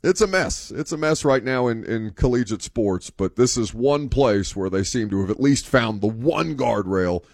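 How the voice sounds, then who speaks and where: Laughing sports radio host, dry mic. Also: male voice, mid-range voice, animated, normal speed, hardly any pauses, no echo. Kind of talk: casual sports talk radio.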